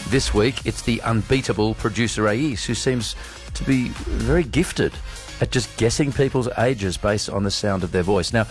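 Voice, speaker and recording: A man hosting a playful radio segment, animated, jokey and competitive. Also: on the low side, moderate pace, hardly any pauses, soft background music. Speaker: radio host.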